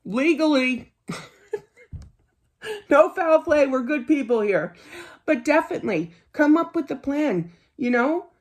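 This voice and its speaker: Lively, higher-voiced woman reading tarot. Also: unhurried, pauses often. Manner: chatty, earnest, laughs easily, lots of "you know". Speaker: tarot card reader.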